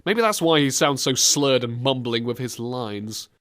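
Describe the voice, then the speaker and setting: Male podcast host, playful and jokey, animated delivery. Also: medium pitch, measured pace. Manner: jokey, puts on silly voices and accents. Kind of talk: casual comedic game chat.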